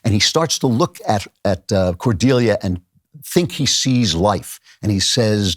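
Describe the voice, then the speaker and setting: A man's voice: fairly low pitch, expressive, a little slow, dry recording, clean studio sound. A middle-aged man hosting a podcast, giving an earnest, emphatic lecture-style commentary. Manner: earnest, emphatic, dramatic readings of quotes. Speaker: podcast host.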